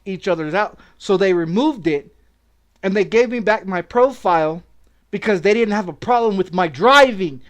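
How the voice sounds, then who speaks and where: A middle-aged man streaming games, ranting angrily and repeating himself, full of profanity. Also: sits high. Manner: profane, aggressive, repetitive ranting. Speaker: game streamer. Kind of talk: angry streaming rant.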